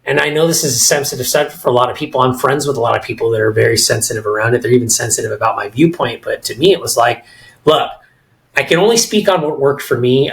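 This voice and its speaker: A man's voice: a little high, a bit bright, poor audio. A middle-aged man with an American accent, talking animatedly and with firm opinions as co-host of a casual podcast discussion, often restarting his sentences.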